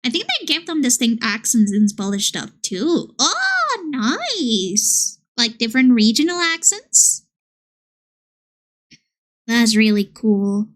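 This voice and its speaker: A woman streamer chatting casually and playfully with her viewers, reading their messages aloud. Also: on the high side. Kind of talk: casual live-stream chat.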